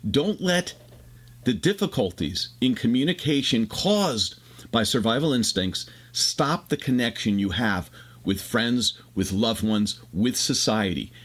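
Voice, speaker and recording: Male host, mid-pitched, expansive explainer, casual chat. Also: animated, fairly bright tone. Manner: expansive, explanatory, fast bursts. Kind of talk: casual conversation, explaining ideas.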